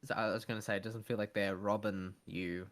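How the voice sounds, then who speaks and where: A man's voice: on the low side, flat delivery, a little fast, a crowd in the background. A man hosting a gaming podcast. He asks questions and slips in dry puns. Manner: asks questions, wry jokes. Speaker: podcast host. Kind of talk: casual podcast interview.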